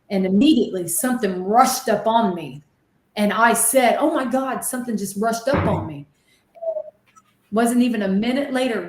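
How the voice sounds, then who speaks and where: A woman who works as a medium and ghost hunter, telling her stories animatedly as a guest in an interview, acting out the voices she remembers. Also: mid-range voice. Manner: animated, excitable storytelling with dramatic re-enactments. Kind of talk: storytelling in an interview. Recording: echoey room.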